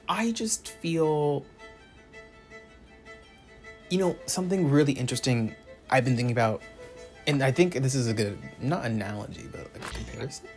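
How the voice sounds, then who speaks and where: A young man ranting through a casual pop-culture commentary, theatrical and profane, swinging between muttering asides and loud outbursts. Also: mid-range voice, animated, fast, faint music behind. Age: young adult. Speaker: commentary vlogger.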